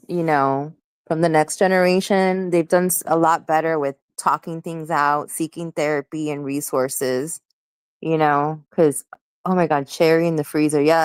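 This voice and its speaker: A talkative woman in her forties from Miami with a somewhat low voice, telling stories in a loose, lively way. The sound is dry and close, with no room around it. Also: clear, resonant tone, no room sound. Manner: chatty, animated storytelling with laughs. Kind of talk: casual group chat.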